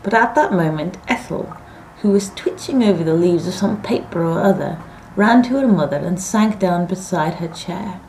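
A woman reading a story aloud in a measured, expressive audiobook narration. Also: lowish voice, slight background noise, low-quality recording.

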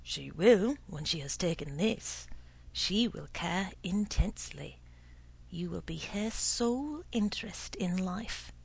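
Sly, suave old potion seller read by a woman, gravelly and husky, unhurried storybook delivery. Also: fairly low pitch, animated, full character voice. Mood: knowing. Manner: slow, suave, insinuating.

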